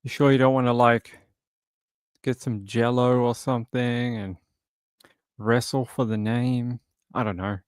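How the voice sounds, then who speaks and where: A man hosting a true crime stream in an easygoing, chatty way, rambling and cracking jokes between stories. His voice sits at an ordinary middle pitch. The sound is dry, with no room around it. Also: little pitch movement, measured pace, pauses often, clear, resonant tone, no room sound. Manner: joking, rambling, chats with viewers. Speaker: true crime livestream host. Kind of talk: casual live-stream chat.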